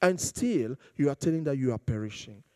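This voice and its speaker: A man's voice: mid-range voice, expressive, fairly quick, a little mellow, dry recording. A man preaching a sermon in a conversational way, building to emphatic, rising passages.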